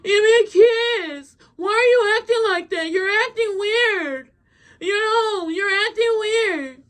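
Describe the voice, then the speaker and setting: A woman's voice: very high voice, slow pace, voice pushed up. A woman mimicking a whiny, tearful clingy young woman. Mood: clingy pleading. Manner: whining, pleading, half crying.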